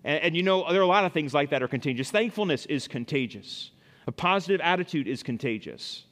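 A man's voice: fairly high pitch, expressive, fast talker, a bit bright, in a large hall. A man preaching a sermon as a pastor, reading Bible verses and giving everyday examples.

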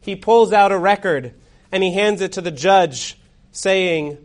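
A man preaches a sermon in a dramatic storytelling manner. His voice sits a little high for a man. He swings from strong, loud phrases down to near-whispered endings. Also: a little slow.

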